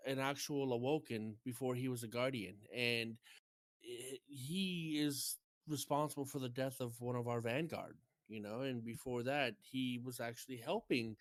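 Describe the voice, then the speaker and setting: A man's voice: mid-range voice, no room sound, studio quality. A man co-hosting a gaming podcast, playfully teasing and explaining game lore in a casual, loose way. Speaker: podcast co-host. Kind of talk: casual chat.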